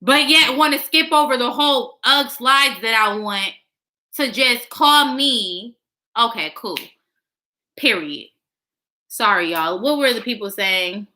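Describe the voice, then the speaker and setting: Bright, high-voiced young woman ranting. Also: measured pace. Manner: frank, heavy swearing, exasperated ranting. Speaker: vlogger. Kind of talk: casual chat to camera.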